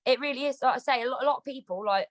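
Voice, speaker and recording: A woman with a British accent, a boxer talking as an interview guest on a video call, rapid, animated and swearing heavily. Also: sits high, no echo, poor audio. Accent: British English. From Britain. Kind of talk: casual interview chat.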